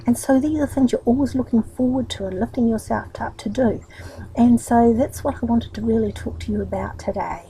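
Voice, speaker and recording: A woman's voice: on the high side, fairly quick, dark tone, breathy edge, rough recording. A woman with a New Zealand accent talking in a chatty, rambling, upbeat way in a casual motivational vlog. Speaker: vlogger.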